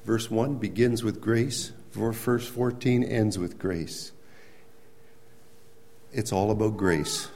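A man preaching a sermon, explaining scripture in a conversational way and rising to emphatic, near-shouted points. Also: lowish voice, slow pace, pauses often, a little hiss or hum. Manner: conversational with restarts and everyday examples. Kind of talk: sermon teaching.

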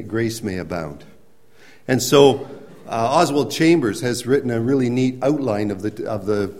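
A man preaching a sermon, explaining scripture in a conversational way and rising to emphatic, near-shouted points. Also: medium pitch. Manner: conversational with restarts and everyday examples. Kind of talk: sermon teaching.

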